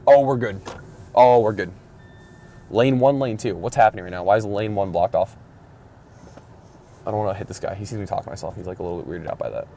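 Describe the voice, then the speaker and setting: A man's voice: sits low, quick pace, creaky, dark tone. Rambling man chatting while driving. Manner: rambling, mumbling, swears a lot. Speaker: podcast host. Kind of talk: casual solo chat while driving. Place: in a car.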